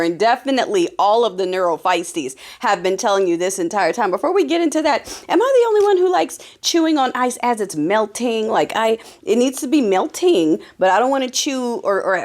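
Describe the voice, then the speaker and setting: A woman hosting a political commentary podcast in a casual, sarcastic monologue full of quick asides. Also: mid-range voice, darkish tone.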